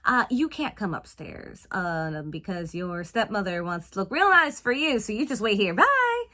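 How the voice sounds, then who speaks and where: A man's voice: sits high, sing-song, normal speed, pushed and bright, full character voice. A woman voicing a shifty father who hesitates and makes excuses to his daughter. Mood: evasive. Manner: evasive, hesitant.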